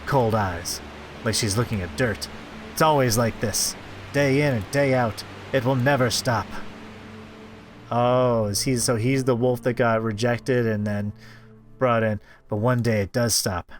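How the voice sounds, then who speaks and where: A man reading a visual novel aloud as a streamer, with quick asides of his own. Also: mid-range voice, slight background noise. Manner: expressive, quick asides between read text. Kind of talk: reading a game aloud with commentary.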